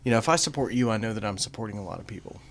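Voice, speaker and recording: A man co-hosting a casual podcast chat, jokey and quick to jump in. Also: lowish voice. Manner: chatty, jokey, interjects often. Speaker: podcast co-host.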